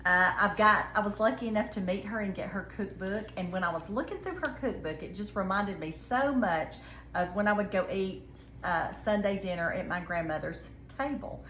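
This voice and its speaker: A woman's voice: mid-range voice, normal speed, a bit bright, roomy sound, a little hiss or hum. A woman with a Southern US accent hosting a casual cooking video, chatting to viewers in a folksy way. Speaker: cooking show host.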